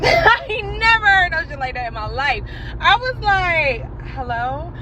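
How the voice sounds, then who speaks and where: A woman telling a casual storytime about an odd work call, animated and laughing, with slang. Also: very high voice, moderate pace, over a noisy crowd, heavy background noise.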